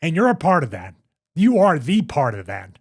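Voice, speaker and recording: A man with a Philadelphia accent, an older former wrestler hosting a podcast, talking in an emphatic, animated way. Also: a little high, moderate pace, husky. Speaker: show host, former wrestler. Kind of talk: casual podcast chat.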